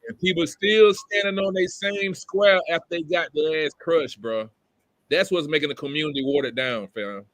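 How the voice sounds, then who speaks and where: A man's voice: on the high side, normal speed, fairly bright tone, dry recording, rough recording. A man talking bluntly on a casual live stream, slangy, ending lines with "bro".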